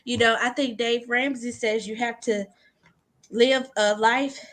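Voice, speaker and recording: Lively Southern woman attorney, higher voice. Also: unhurried, a little hiss or hum. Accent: Southern US, Louisiana. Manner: lively, chatty, laughs often. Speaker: attorney and guest speaker. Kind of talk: virtual summit interview. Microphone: video call.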